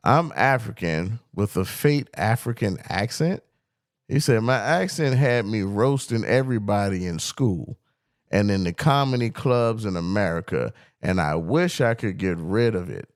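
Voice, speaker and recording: A man co-hosting a casual podcast, arguing animatedly and breaking into quick impressions of people he quotes. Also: lowish voice, dry recording, studio quality. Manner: animated, argumentative, quotes others in put-on voices. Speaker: podcast co-host. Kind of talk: casual debate chat.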